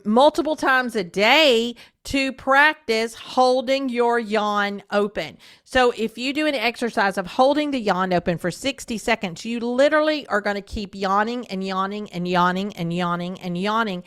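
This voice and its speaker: A woman who hosts a podcast and teaches voice, coaching listeners in a steady instructional monologue and often asking them direct questions. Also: a little high, clear, resonant tone.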